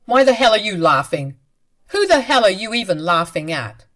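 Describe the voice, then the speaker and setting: Brief: woman voicing a domineering husband in a story reading, harsh and loud, lowish voice. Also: animated, normal speed. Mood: angry. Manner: harsh and commanding. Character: angry controlling husband, adult man.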